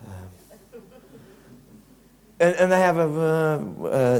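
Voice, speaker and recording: A man's voice: a little high, animated, moderate pace, pauses often. A man preaching a conversational, reflective sermon, often restarting his sentences. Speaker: pastor.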